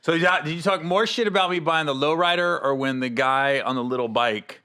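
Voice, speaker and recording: A man's voice: a little high, brisk, pushed and bright, smooth. A man hosting a podcast, chatting casually, swearing and laughing often. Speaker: podcast host.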